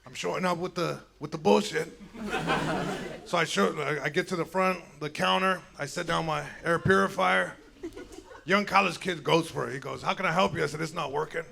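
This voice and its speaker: A man's voice: a little high, moderate pace, gravelly. A young man doing a stand-up comedy set, telling a story casually and acting out both sides of the dialogue. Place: comedy show venue with live audience. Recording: loud crowd laughter.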